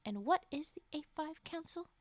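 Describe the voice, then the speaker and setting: Clinical doctor, read by a woman, measured, dry close sound. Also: high voice, expressive, darkish tone, no room sound, voice pushed up. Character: calm, clinical doctor interviewing a subject.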